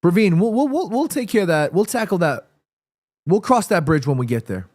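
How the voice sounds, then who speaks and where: A man with a stuffy nose hosting a live football watchalong stream, reacting excitedly to the match and reading viewers' chat messages aloud. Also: sits high, brisk, no echo, studio quality.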